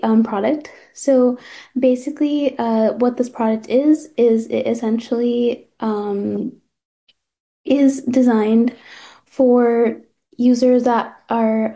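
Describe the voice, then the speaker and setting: A woman's voice: a little high, mellow. A young woman presenting her startup's product over a video call, hesitant with many fillers. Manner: hesitant, filler-heavy, upspeak-prone. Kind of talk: casual pitch presentation.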